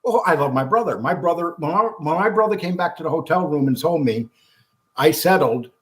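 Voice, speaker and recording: A man being interviewed, telling a long story in an animated, blunt way, acting out what others said and swearing freely. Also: fairly high pitch, fairly quick. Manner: animated storyteller acting out quotes, frequent restarts. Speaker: guest.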